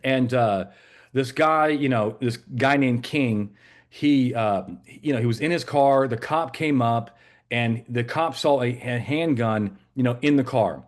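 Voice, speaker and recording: A man's voice: medium pitch, measured pace. A man teaching police law in a live webinar, conversational and joking, with many fillers and restarts. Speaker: legal trainer for police.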